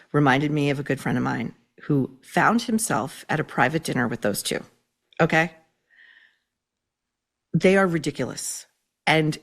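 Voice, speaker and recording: A woman giving blunt, scathing podcast commentary. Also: deep voice.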